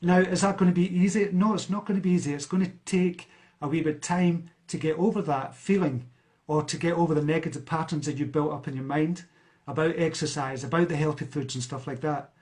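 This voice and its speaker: A man from Scotland, raised near a large city, speaks a bit fast in a voice that's on the high side with a darkish tone. As a self-help speaker on a live stream, he reads viewer comments and replies, chatting loosely with fillers and restarts.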